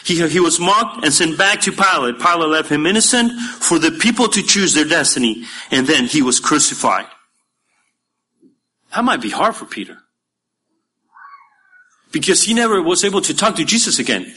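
A man, a pastor preaching a sermon in a church, emphatic at times and dropping to quiet asides. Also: a little high, expressive, moderate pace, long pauses, breathy edge.

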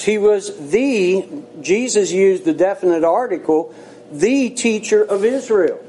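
A male pastor delivers a sermon in a fairly high, mellow voice. He is earnest and folksy, with plain asides. He slows down to drive key points home. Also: poor audio.

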